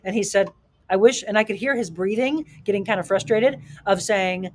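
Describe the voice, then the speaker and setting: A middle-aged woman hosts a live talk, speaking with animated, emphatic energy. She often poses rhetorical questions to her viewers and reads their comments aloud. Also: medium pitch, brisk, a little hiss or hum. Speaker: show host.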